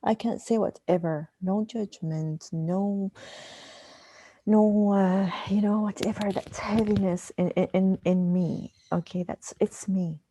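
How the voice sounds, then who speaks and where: A woman, sharing on a video call in a halting way and leaning on "okay" between phrases. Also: mid-range voice, steady tone, dark tone, slight background noise, rough recording. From Arab world. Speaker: retreat participant. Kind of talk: casual sharing in an online group.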